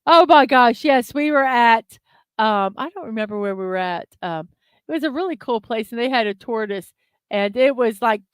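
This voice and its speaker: A woman's voice: a little high, expressive, moderate pace, clean tone, no room sound. A woman hosting a daily morning livestream, chatting casually and giggling as she talks to viewers in the chat. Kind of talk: casual live-stream chat.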